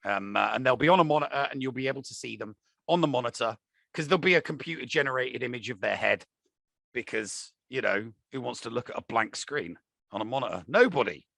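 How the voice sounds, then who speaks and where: A British man co-hosts a podcast, rambling through loose casual chat full of fillers and restarts. His voice is gravelly and bright. It sounds dry and close to the mic. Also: medium pitch, expressive, quick pace, dry recording. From United Kingdom. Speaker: podcast co-host.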